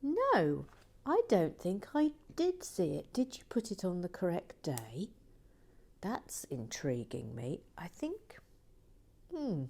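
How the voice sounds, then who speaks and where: A woman chats casually as she builds, taking her time over every word in a lowish voice. She is playful and teasing, and often slips into soft whispered asides. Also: huge pitch swings, slow, gravelly, breathy edge. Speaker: LEGO building vlogger. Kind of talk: casual chat while building and reading comments.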